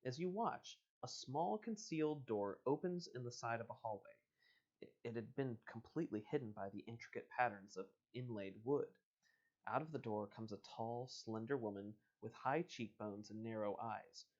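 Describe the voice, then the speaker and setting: A man's voice: mid-range voice, normal speed, darkish tone. Man reading a gamebook aloud, muffled audio. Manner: casual, chuckling, playful asides. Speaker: host and reader.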